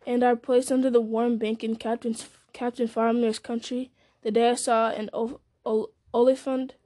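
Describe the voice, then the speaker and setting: A woman voicing a loyal, devoted male hobbit servant who talks in an earnest, plain-spoken, halting way. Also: on the high side, little pitch movement, mellow, no room sound, natural voice.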